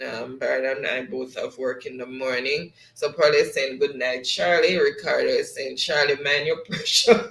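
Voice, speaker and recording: A man's voice: fairly high pitch, unhurried, a bit bright. A man hosting a livestream, reading chat comments aloud in a chatty way, laughing often and slipping into patois. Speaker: livestream host. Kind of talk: reading live chat aloud, casual sign-off. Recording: roomy echo.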